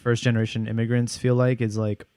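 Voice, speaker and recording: A young man from the United States co-hosting a podcast in a relaxed casual chat, often restarting his sentences. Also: medium pitch, quick pace, clean tone, no room sound. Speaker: podcast co-host.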